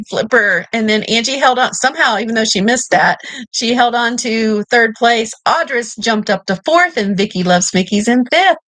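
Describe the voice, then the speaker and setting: A woman's voice: a little high, fairly bright tone, no echo, low-quality recording. Playful Kentucky woman hosting trivia. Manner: playful, teasing, laughs often. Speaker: trivia game host. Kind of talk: live-stream trivia hosting.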